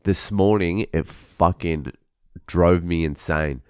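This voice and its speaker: A man's voice: low-pitched, slow, a little mellow, clean tone, no echo, clean studio sound. A young man, ranting casually about work and swearing constantly. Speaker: vlogger. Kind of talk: casual venting monologue.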